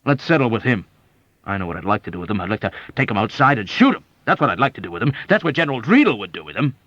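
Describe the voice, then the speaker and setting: A man reading an audiobook and voicing a blustering, petulant middle-aged male colonel who complains loudly and indignantly. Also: fairly low pitch, big pitch swings, racing, dry recording. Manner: loud, indignant, whiny blustering. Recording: dull, dry lo-fi audiobook.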